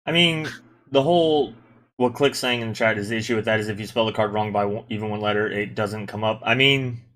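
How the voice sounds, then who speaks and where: A man with a low-pitched but bright, forceful voice runs a loose gaming podcast. He talks at length, laying out rules and ribbing his co-hosts. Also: a little fast. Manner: chatty, explains rules at length, teasing. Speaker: podcast host. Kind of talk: casual gaming podcast chat.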